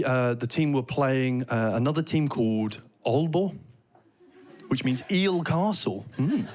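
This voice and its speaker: A British man doing stand-up comedy, telling animated stories and trying out mock Danish phrases. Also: a little high. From Britain. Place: theater stage before a laughing audience.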